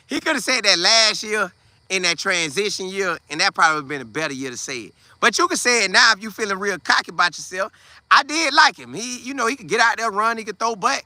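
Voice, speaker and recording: A man hosting a casual football commentary show, talking in an animated, slangy way. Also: high voice, dry recording. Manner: animated, trash-talking, Southern Black vernacular slang. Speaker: sports podcast host.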